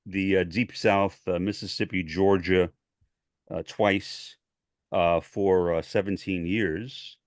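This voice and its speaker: An older man speaks in a deep, low register with the careful General American diction of a trained radio newscaster. He pauses often between thoughts in a relaxed chat. The sound is close and dry, with no room around it. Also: no room sound. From New York City. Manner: measured, trained broadcast delivery with many pauses. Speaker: guest. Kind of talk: casual chat.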